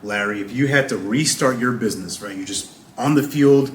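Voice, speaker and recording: A man's voice: mid-range voice, brisk, reverberant, a little hiss or hum. A man hosting an interview, asking questions and encouraging the guest with laughter. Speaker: host.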